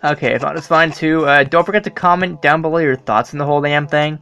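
A gamer commenting casually while playing, excitable and swearing, with loud startled outbursts. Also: medium pitch, fast, dull audio, a little hiss or hum. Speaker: let's play gamer.

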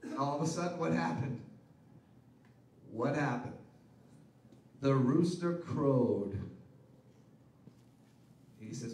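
A man preaching a sermon as pastor, asking the congregation rhetorical questions and building to loud, emphatic peaks. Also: medium pitch, lively intonation, takes it slowly, long pauses, echoey room, distant mic, low-quality recording.

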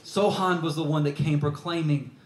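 A man's voice: fairly high pitch, steady tone, moderate pace. Storytelling preacher, man, earnest and conversational, roomy hall sound. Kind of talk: sermon.

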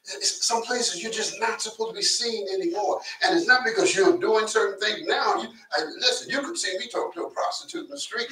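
A man's voice: high-pitched, fairly quick, few pauses, bright, forceful tone. A male pastor preaching a conversational sermon to his congregation, telling stories and often repeating words as he goes. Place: church sanctuary. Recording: echoey church from a distance, faint hiss.

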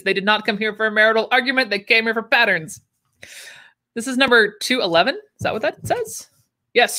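A woman's voice: mid-range voice, pushed and bright. A young woman chatting casually on a livestream, with wry asides and easy laughs. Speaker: livestream host unboxing sewing patterns. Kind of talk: casual chat.

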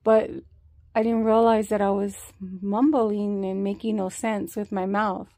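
A woman vlogging a health update to a nearby camera, telling her story in a slow, rambling way with many fillers and restarts. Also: mid-range voice, flat delivery, warm tone, no room sound.

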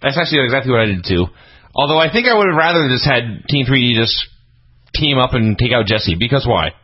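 A man's voice: mid-range voice, lively intonation, fast, slightly rough. A man co-hosting a podcast, making dry, sarcastic remarks while reviewing wrestling TV. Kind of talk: casual comedic review chat. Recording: dull lo-fi podcast audio.

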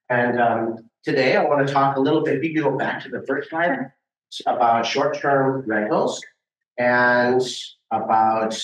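A man from Hawaii giving a casual, hesitant slide talk for a think tank at a meeting. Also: medium pitch. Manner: casual, hesitant with many fillers. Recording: roomy and distant from the mic.

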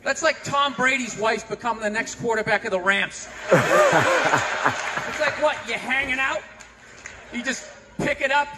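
A man performing a stand-up comedy set, ranting sarcastically and breaking into shouts. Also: extremely high pitch, moderate pace, pauses often. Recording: long hall reverb, audible noise.

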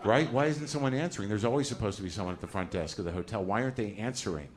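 A middle-aged man races through a profane, neurotic, self-deprecating stand-up story in front of a live theater audience. His pitch is fairly low, and the recording is very noisy. Loud crowd laughter comes through the live stage audio.

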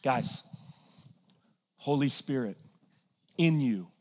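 A man preaching a sermon in a church, conversational and energetic, swinging from casual asides to loud emphatic peaks. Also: mid-range voice, extremely slow, in a large hall. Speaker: pastor. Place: church sanctuary.

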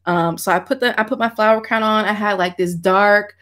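A woman's voice: medium pitch, fairly even intonation, a little fast, fairly bright tone. A woman, chatting animatedly with viewers on a livestream from her home office and laughing often. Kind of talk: casual livestream chat.

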